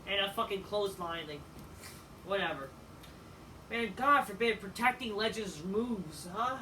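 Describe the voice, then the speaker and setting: Bright-voiced man ranting casually. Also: high voice, measured pace. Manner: profane, rambling, with frequent fillers. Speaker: wrestling show reviewer. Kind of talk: casual review rant. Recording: distant mic with faint background noise.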